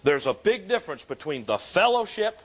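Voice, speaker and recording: A man in his fifties who speaks a touch higher than most men. He tells his own recovery story with animated delivery and self-mocking humor. It sounds like a personal testimony. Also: moderate pace.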